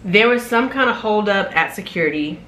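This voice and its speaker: A young adult woman and flight attendant, telling a story in a casual, animated, sassy vlog from a room at home, recorded on a camera mic. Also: medium pitch, brisk, a little hiss or hum. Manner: animated, sassy, loud laughs, exclaiming.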